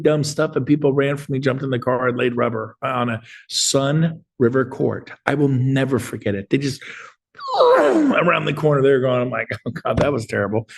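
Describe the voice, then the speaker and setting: A middle-aged man who coaches real estate agents, giving an energetic, rambling motivational talk on a group video call and acting out bits of dialogue. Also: medium pitch, gravelly.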